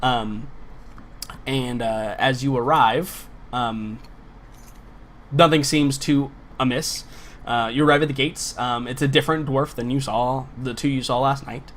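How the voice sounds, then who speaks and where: A man's voice: mid-range voice, fairly even intonation, unhurried, a bit bright, slight background noise. A man narrating a tabletop game as game master, in loose narration full of fillers.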